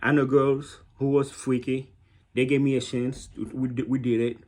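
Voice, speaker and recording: A man's voice: medium pitch, little pitch movement, a little slow, warm tone. A man with a Haitian accent giving blunt, mocking dating advice in a casual monologue, often repeating himself.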